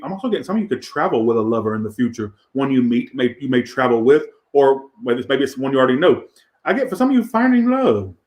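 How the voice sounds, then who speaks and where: Guy rambling thru a tarot reading, swears a lot, kinda echoey room. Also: mid-range voice. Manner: crude, profane, rambling. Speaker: tarot reader.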